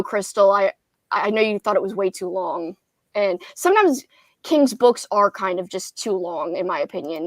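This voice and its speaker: A woman's voice: mid-range voice, fairly bright tone, dry recording. A young woman hosting a casual book livestream, chatty and giggly, reading viewer comments aloud. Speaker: booktube livestream host.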